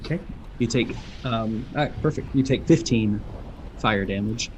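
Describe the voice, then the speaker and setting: A man's voice: mid-range voice, moderate pace, a little mellow, a little hiss or hum. Man narrating as game master. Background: background music.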